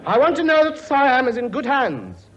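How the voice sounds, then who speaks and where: An actor playing a pompous, blustering king with a sarcastic, grumbling working-class manner in a 1950s radio comedy. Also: very high voice. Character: blustering pompous male king, bossy and weary. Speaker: lead comic actor. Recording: dull old broadcast recording with audience laughter. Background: studio audience laughing.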